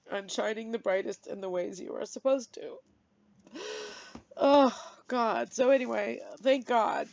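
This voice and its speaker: A middle-aged woman vents to her camera, tearful and self-deprecating, her voice jumping high when frustration breaks through. The sound is dry and somewhat dull, like a lo-fi home recording. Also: a little mellow, no room sound. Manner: emotional, venting, self-deprecating with sudden high outbursts. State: tearful, blowing her nose. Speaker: vlogger. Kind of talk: candid personal vlog.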